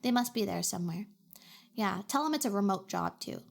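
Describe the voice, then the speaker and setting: A woman's voice: medium pitch, lively intonation, fairly quick, gravelly, faint music behind. A young adult woman streamer from Canada, chatting playfully and reacting to her chat. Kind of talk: casual chat.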